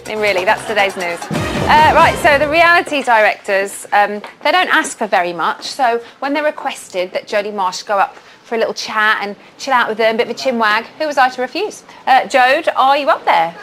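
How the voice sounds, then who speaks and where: A woman's voice: a little high, animated, brisk, fairly bright tone, soft background music. A female presenter with a British accent, teasing and playful as she links clips on a reality spin-off show.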